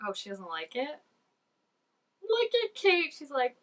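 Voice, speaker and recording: A woman giving casual, excitable reaction commentary, full of "like" and dropping into soft asides. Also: sits high, measured pace, vocal fry, recorded from a distance, poor audio. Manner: chatty and excitable, peppered with "like", drops to soft asides. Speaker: reaction video host.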